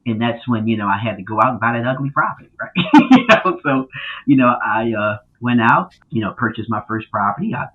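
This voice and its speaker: A man who is a guest on a podcast, telling his story in a casual, animated way with many fillers and loud acted-out quotes. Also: mid-range voice, fairly quick, slightly rough. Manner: animated, lots of fillers, acts out quotes loudly. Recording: tinny phone-like line.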